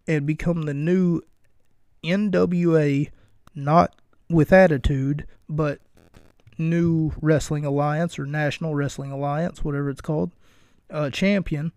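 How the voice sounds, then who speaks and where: Slow, gravelly podcast host man. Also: fairly high pitch, darkish tone, no room sound. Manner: wry, rambling, self-mocking and profane. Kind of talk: casual solo podcast recap and banter.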